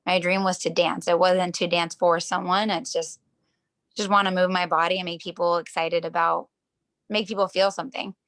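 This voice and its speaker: A woman's voice: fairly low pitch, little pitch movement, normal speed, fairly bright tone. A woman who works as a professional dancer, talking casually as an interview guest over a video call. She rambles through her stories, fills them with "like", and acts out what people said. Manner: rambling storytelling, heavy use of "like", acts out quotes.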